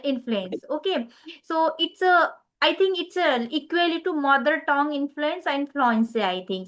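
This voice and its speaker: A woman's voice: sits high, pushed and bright. A woman with an Indian English accent practicing conversation, hesitant, with many fillers and self-corrections. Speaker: English learner.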